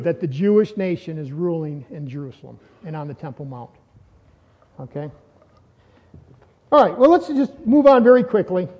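A man preaching a sermon as a pastor, in a conversational style full of rhetorical questions. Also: high-pitched. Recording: dull lo-fi sound with long hall reverb.

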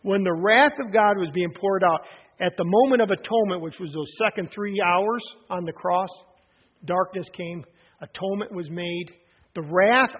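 A man delivers a sermon in a raised, husky voice. He speaks earnestly, restarting phrases and pausing for emphasis. The recording is dull and lo-fi. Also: sits high. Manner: earnest preaching with frequent restarts and emphatic pauses. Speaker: pastor.

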